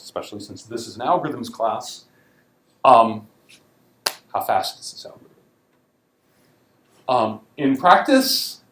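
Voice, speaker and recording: In a fairly bright, medium-pitched voice, a man gives a wry, casual university lecture peppered with ums and emphasized words. The sound is distant and echoey, typical of a lecture hall.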